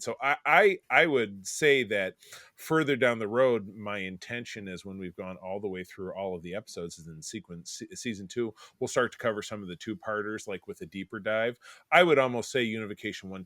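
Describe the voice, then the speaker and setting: A man in his forties chats casually as a podcast co-host. His slightly low voice rambles through tangents, full of restarts and loose asides. The sound is dry and close, with no room around it. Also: a bit bright, no echo. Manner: rambling, digressive, many restarts. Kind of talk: casual chat.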